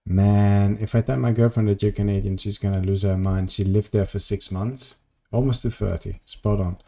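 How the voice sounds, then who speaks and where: Mellow-voiced male streamer chatting with chat. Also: lowish voice, steady tone, normal speed, vocal fry. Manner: chatty, rambling, answers viewers' chat. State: tired. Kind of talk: casual live-stream chat while gaming.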